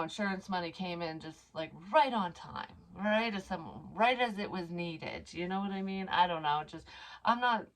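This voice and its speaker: A middle-aged woman vlogging casually as a psychic medium, rambling with many fillers and casual swearing, and reading cards aloud slowly. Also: on the low side. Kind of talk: casual personal vlog.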